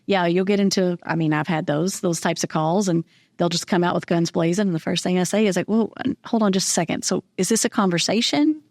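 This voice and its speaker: Fast-talking middle-aged woman realtor. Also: on the low side, darkish tone, no room sound, studio quality. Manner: talkative, quick to agree and offer advice. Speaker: realtor guest. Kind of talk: casual podcast interview.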